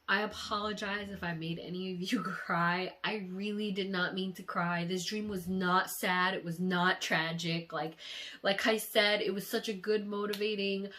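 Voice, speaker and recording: A woman's voice: on the low side, fairly bright tone, a little hiss or hum. A woman vlogger talking casually to her viewers, teary and emotional, sighing often and speaking candidly with some swearing. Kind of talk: casual dream-diary vlog.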